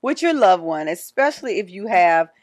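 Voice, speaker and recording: A woman's voice: mid-range voice, very animated, normal speed. A woman in her forties co-hosting a podcast, talking in a casual, earnest and reflective way, often restarting her sentences. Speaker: podcast co-host. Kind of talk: casual chat.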